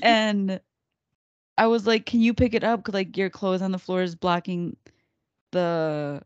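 A woman's voice: mid-range voice, a little slow, clean tone, no echo, dull audio. A young woman co-hosting a casual podcast chat, acting out her kids' lines as she tells stories. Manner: animated storyteller, acts out her kids' lines. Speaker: podcast co-host.

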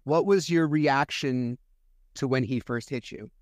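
A man's voice: mid-range voice, unhurried, no room sound, studio quality. A man hosting a podcast, asking brief, sympathetic questions. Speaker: podcast host. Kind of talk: interview questions.

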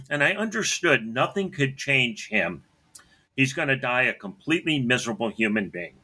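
A man telling a personal story about his father in an earnest way, often clearing his throat and acting out both sides of their talks. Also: mid-range voice, very animated, normal speed, sharp tone.

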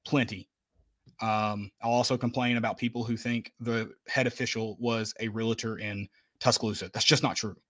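A man's voice: lowish voice, flat delivery, moderate pace, a bit bright. A man co-hosting a casual sports podcast, venting bluntly and with emphasis about a loss. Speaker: podcast co-host.

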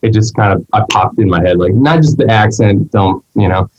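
Husky, enthusiastic man hosting an interview. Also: lowish voice, brisk, a little mellow, lo-fi sound. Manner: enthusiastic, rambling, slangy. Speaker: interview host. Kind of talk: casual interview chat.

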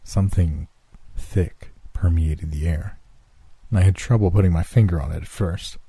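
A man narrating a scripted horror story in a measured, hushed storytelling manner on a close mic. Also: low voice, steady tone, slightly rough, no echo.

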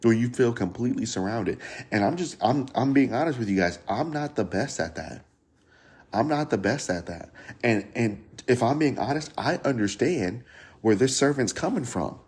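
A man's voice: mid-range voice, lively intonation, moderate pace, darkish tone, husky. A man teaching a Bible passage on a podcast in an earnest, conversational way, often repeating phrases and speaking frankly to his listeners.

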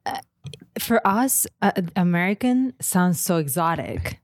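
A young adult woman from Catalonia with a Catalan Spanish accent, chatting as a podcast guest in an animated, halting way. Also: on the low side, no room sound, studio quality. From Spain, Catalonia. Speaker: guest model. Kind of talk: casual podcast chat.

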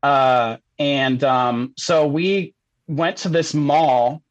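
A man's voice: mid-range voice, drawn-out words, dry recording, lo-fi sound. A young man telling a story as a podcast guest, casual and rambling, laughing often and saying "like" a lot.

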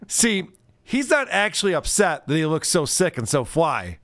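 A man's voice: a little high, sing-song, measured pace, a bit bright, dry recording. A man co-hosting a podcast in casual chat, reading viewer messages, laughing often and teasing with profanity. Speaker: podcast co-host.

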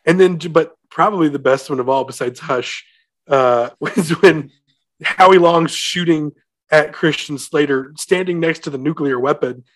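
A man's voice: fairly high pitch, measured pace. A man co-hosting a podcast, animatedly quoting and laughing about movie lines. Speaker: podcast co-host. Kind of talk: casual movie discussion.

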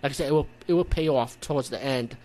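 A man's voice: medium pitch, fast. A man with a New York accent, from the Bronx, casually recapping a horror movie in a rambling, profane way, acting out his own reactions. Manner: rambling, profane, animated retelling with acted-out reactions. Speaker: movie reviewer.

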